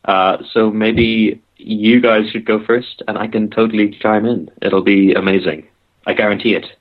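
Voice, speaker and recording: A man's voice: fairly low pitch, fairly even intonation, moderate pace. A man co-hosting a casual podcast chat with wry, self-deprecating humor. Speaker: podcast co-host. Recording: tinny phone-like line.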